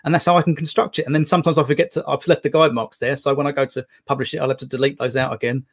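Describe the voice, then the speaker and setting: A man's voice: medium pitch, steady tone, very fast. A man guesting as a poet in an interview, talking in a casual, rambling way with many restarts and fillers.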